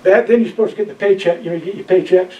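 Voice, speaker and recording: Older man, high voice and mellow tone, tells folksy stories, recorded distant in a roomy, dull room. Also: very fast. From Maine, USA. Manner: rambling, folksy, laughs often, many "you know"s. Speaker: interviewee, retired Coast Guard keeper. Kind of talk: storytelling oral history. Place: library room.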